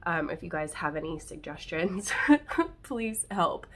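A woman's voice: lowish voice, a little slow. A woman vlogging in her bedroom, talking chattily to viewers while her throat is scratchy and tickly from a cold. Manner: chatty and excitable, addressing viewers directly. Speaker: plant channel host. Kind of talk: casual unboxing vlog.

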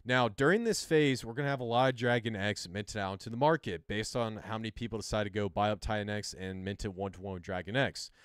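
A man's voice: lowish voice, clean tone, no echo, clean studio sound. A man hosting a livestream, casually explaining a chart he sketches as he goes, loose and chatty with some self-mocking asides. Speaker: crypto livestream host. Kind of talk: casual explainer while drawing on a screen.

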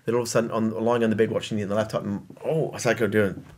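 A man hosting a podcast in casual chat, telling stories in an animated way with quick restarts. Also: lowish voice. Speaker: podcast host.

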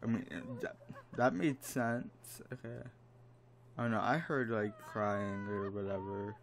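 A man's voice: on the low side, fairly even intonation, takes it slowly. A man giving casual commentary while playing a life-sim game, exasperated and dramatic, mock-scolding the characters. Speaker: let's play gamer. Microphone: desk microphone.

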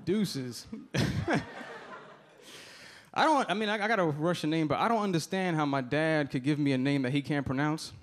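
A Dominican man performs stand-up in a comedy club, speaking loosely and conversationally while tossing asides to the audience. His voice is on the high side at a normal speed, and the live recording picks up crowd laughter and room noise.

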